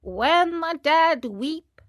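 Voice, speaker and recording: A woman voicing a solemn, pompous male crow doctor who speaks in slow, grave pronouncements. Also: high voice, expressive, dry recording, clean studio sound, voice pushed up, exaggerated voice.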